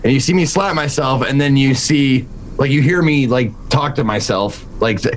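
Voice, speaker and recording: A man's voice: mid-range voice, moderate pace, a little hiss or hum. A man playing a tabletop game, casually describing his character's actions with lots of fillers. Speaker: player.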